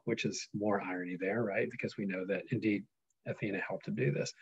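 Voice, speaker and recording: A man teaching a lesson, reading an epic poem aloud and pausing to explain it in a casual way, often checking in with "right?". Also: lowish voice, vocal fry, slightly rough, highs cut off. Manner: reads dramatically, then explains casually with frequent "right?".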